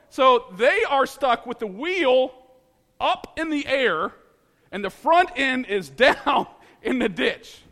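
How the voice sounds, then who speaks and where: Lively, bright-voiced man from Ohio. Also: extremely high pitch, big-room sound. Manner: lively, dramatic, laughs at own story. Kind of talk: animated personal storytelling.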